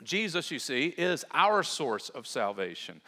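A male pastor preaches with earnest emphasis, leaning on key words and then easing off into asides for his listeners. His voice sits a little high for a man. The sound has a long reverb tail, as in a large church hall. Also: very animated, unhurried, bright, forceful tone. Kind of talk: sermon.

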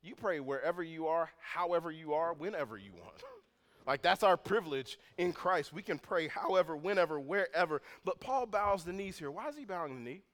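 A man preaching a sermon as pastor, moving from calm teaching to loud, intense passages. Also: fairly high pitch, brisk. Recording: long hall reverb.

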